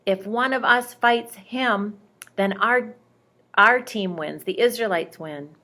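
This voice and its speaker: Worried soldier brother voiced by a woman, slow, gravelly, low-key storybook read. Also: bright, forceful tone. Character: David's older brother, a worried young soldier.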